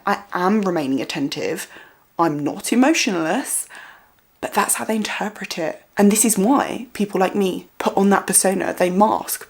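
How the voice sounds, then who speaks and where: A young woman vlogging, talking loudly at one volume, repeating words for stress and putting emphasis in unexpected places. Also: fairly low pitch, vocal fry. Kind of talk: casual explanatory vlog.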